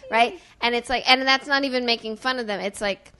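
Woman from small-town Illinois, bright, forceful tone, emphatic chatty delivery with a trained, softened regional accent. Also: fairly high pitch. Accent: southern Illinois, softened by accent training. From small-town Illinois, US Midwest. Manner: animated, emphatic, rapid run-on talk with many "like"s. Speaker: actor and guest. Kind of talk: casual conversation about acting.

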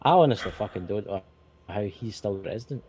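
A Scottish man co-hosting a casual podcast chat, animated and swearing, repeating himself when worked up. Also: fairly low pitch, a little fast, breathy edge, no echo. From Scotland. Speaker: co-host.

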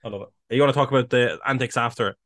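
A man co-hosting a casual podcast, jumping in with quick, excitable remarks. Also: medium pitch, dry recording, studio quality. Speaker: podcast co-host. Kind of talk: casual chat.

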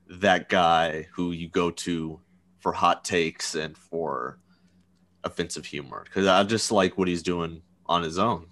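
A man's voice: sits low, a bit bright. A man co-hosting a podcast in casual chat, laid-back and agreeable. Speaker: podcast co-host.

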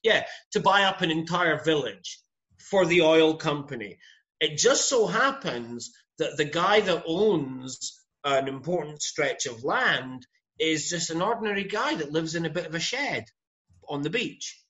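Scottish guy chatting about films, lively up and down voice, kinda dull lo-fi sound. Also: a little high, unhurried. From Scotland. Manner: animated, emphatic, says "mate" often. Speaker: podcast guest recommending films. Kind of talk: casual chat.

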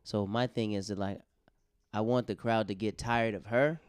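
A man who is a stand-up comedian, chatting casually and acting out voices in animated stories. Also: on the low side, normal speed, clean tone, no echo, studio quality. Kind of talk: casual podcast chat.

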